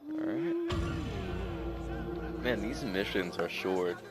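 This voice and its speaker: A man's voice: on the low side, wildly swooping pitch, takes it slowly, over music. A young man giving rambling, enthusiastic let's-play commentary while gaming. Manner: rambling, filler-heavy, enthusiastic. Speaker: gaming video creator.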